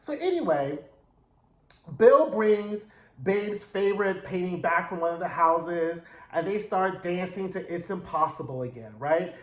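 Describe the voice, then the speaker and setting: A man hosting a casual TV episode recap, slangy and animated, acting out the characters' lines as he retells the plot. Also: high-pitched, a little slow. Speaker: TV recap host. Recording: roomy echo.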